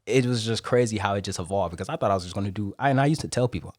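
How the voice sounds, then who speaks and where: A man, a Marine, telling stories as a guest on a podcast interview in an animated way. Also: fairly low pitch, dry recording, clean studio sound. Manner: animated, rapid storytelling.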